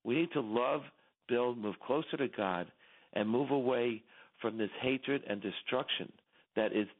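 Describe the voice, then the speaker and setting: Impassioned man on a tinny phone line. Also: a little slow. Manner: emphatic, repetitive, rising in pitch when stirred. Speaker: company executive, radio guest. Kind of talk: impassioned call-in commentary. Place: home in Texas.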